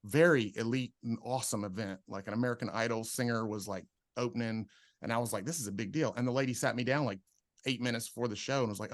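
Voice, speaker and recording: Animated man telling comedy stories. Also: medium pitch, quick pace, no room sound, studio quality. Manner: animated storyteller, acts out quotes. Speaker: comedian guest. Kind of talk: casual podcast chat.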